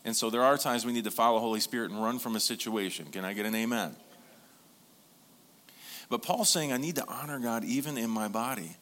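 Pastor preaching a lively sermon. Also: male voice, on the low side. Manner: lively storytelling with congregation call-and-response.

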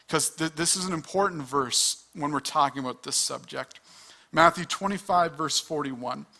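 A pastor preaches a sermon in an earnest, conversational manner, often restarting his words with quick restarts and acting out asides. His voice is fairly high-pitched with a sharp tone.

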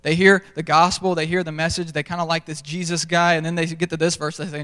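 Young man, casual storytelling preacher, fairly high clear voice, long church-hall reverb. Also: flat delivery, quick pace, few pauses, fairly bright tone. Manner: self-deprecating storytelling, conversational. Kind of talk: sermon. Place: large church stage.

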